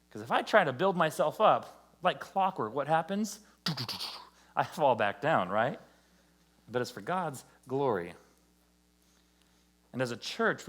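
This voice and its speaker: A man's voice: medium pitch, fairly bright tone. A man giving a conversational, joking sermon to a church, acting out quotes along the way. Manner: conversational, jokey preaching with acted-out quotes. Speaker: pastor. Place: church service.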